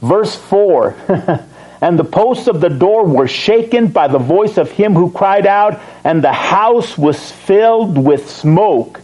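Speaking slowly in a high voice, a pastor reads from scripture during his sermon and chuckles between points, recorded at low quality. He's animated, putting questions to the congregation and supplying the answers himself.

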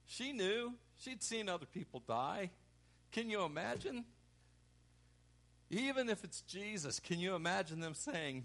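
A man preaching a sermon, acting out the quoted lines with sudden loud, emphatic bursts. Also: fairly high pitch, animated, a little slow, creaky. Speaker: pastor.

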